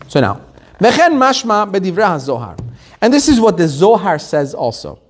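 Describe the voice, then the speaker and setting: Animated high-voiced rabbi teaching Torah. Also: male voice, measured pace, breathy edge. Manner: animated storytelling, acting out quotes. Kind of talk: Torah class sermon.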